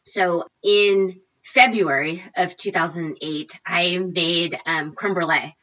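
Woman, 40s, animated interview guest; bright, slightly low voice, dull recording. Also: takes it slowly. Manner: animated, acts out quotes with big pitch jumps. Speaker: guest, recipe blogger. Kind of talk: casual storytelling interview.

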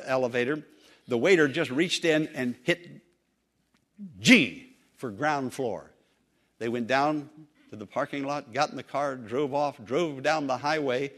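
A man preaching a sermon, telling a story and swinging between loud emphatic lines and soft, low asides.

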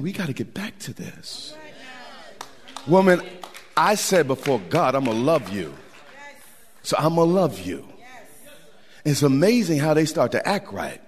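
A man preaching a sermon as pastor, animated and folksy, repeating words for emphasis. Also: on the high side. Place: church sanctuary. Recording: long hall reverb.

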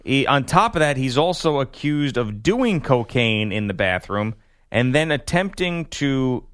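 A man co-hosting a sports radio show, telling stories in a relaxed, chatty way. His voice sits at an ordinary male pitch and sounds dry and close to the mic. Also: measured pace, dry recording. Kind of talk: casual sports radio chat.

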